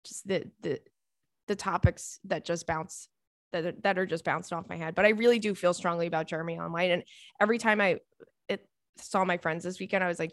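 Here the podcast host, a young woman, sounds on the low side, with a steady tone and slightly quick pace. She chats casually, rambling, gushing and cursing freely, captured in clean studio sound with no echo.

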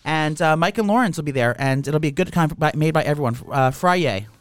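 Man, podcast co-host, hoarse, rambling, talks fast, dry close sound. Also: fairly high pitch, animated, dry recording. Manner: rambling, restarts stories. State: hoarse from lost voice. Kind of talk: casual storytelling chat.

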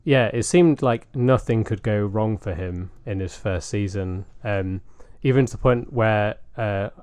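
Rich: A man co-hosts a podcast and speaks in a chatty way, recalling details with plenty of fillers. His voice sits fairly low. The sound is dry and close to the mic. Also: measured pace, darkish tone, dry recording. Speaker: podcast co-host. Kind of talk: casual podcast chat.

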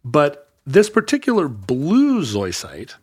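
A man's voice: a little high, huge pitch swings, slow, a little mellow, breathy edge. A man in his fifties, co-hosting a casual podcast, explains facts at length with many restarts and fillers. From United States. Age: 50s. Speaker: podcast co-host.

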